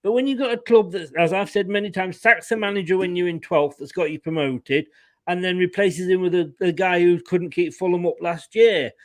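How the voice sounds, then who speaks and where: A fairly high-voiced man chats animatedly about football predictions, laughing a lot and stumbling over repeated words. His audio is dry and close, as if from a video call mic. The feel is loose and jokey. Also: steady tone, a little fast, no room sound. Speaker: pundit guest. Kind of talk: casual football banter.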